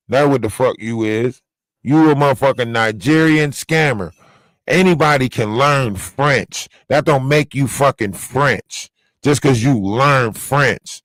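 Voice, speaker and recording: A man's voice: medium pitch, a bit bright, no room sound, poor audio. A man delivering a profane, confrontational rant on a livestream, scolding someone directly. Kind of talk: ranting livestream monologue.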